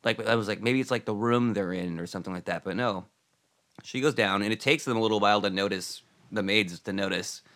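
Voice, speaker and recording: A man's voice: fairly low pitch, brisk. A man co-hosting a casual chat about a TV episode, rambling through scenes with many restarts. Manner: rambling, many fillers and restarts, drops into quiet asides. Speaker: podcast co-host.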